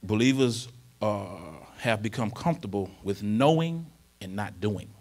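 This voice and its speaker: A man's voice: on the low side, animated, measured pace. A man preaching a conversational sermon in a church, often asking the congregation whether they follow him and growing more emphatic as he reads scripture. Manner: informal, repeatedly checks in with the congregation; rises to emphatic, louder delivery when reading scripture. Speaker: pastor.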